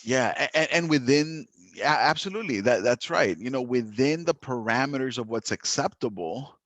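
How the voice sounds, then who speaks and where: A man teaching a literature lesson, talking in a lively, chatty way with frequent laughter and restarts. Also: medium pitch, normal speed, no echo. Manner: animated, chatty, laughs often, many restarts. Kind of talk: recorded classroom lesson.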